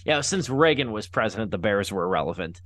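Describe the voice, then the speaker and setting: Male podcast host, mid pitch, dry close mic, rambling and self-deprecating. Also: animated, quick pace, a bit bright, no echo. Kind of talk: casual podcast chat.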